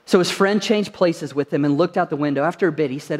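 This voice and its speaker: A man's voice: on the high side, fast, few pauses, big-room sound. A male pastor preaching a sermon to his congregation in a church, telling stories earnestly and asking rhetorical questions. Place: church sanctuary.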